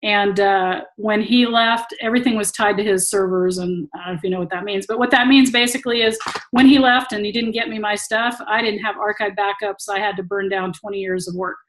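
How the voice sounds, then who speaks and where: A woman's voice: medium pitch, steady tone, fairly quick, low-quality recording. A woman who teaches tantra talks casually to an online audience over a video call and laughs often while she tells stories.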